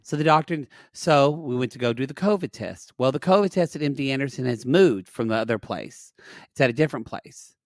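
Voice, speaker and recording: A man co-hosting a podcast, telling a long story in casual chat, animated and profane, recorded on a dry, close mic. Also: medium pitch, a little fast, no echo. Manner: animated, profane storytelling with dramatic quoted outbursts. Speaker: podcast co-host.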